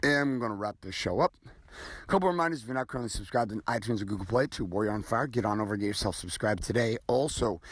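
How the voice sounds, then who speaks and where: A man's voice: mid-range voice, no echo. A middle-aged man hosting a motivational podcast, talking bluntly and casually with profanity as he tells a story. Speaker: podcast host.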